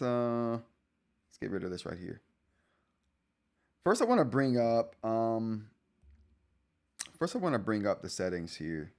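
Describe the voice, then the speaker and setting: A man in his forties hosting a live tech stream, talking casually, rambling and correcting himself, often laughing. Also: mid-range voice. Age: 40s. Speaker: tech show host.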